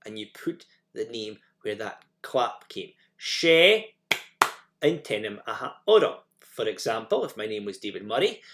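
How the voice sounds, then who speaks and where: A man talks through a recorded language lesson with a lively, up-and-down pitch. He explains each step plainly and says example phrases over and over so learners can copy them. A few fillers and restarts slip in along the way. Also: a little slow. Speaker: teacher.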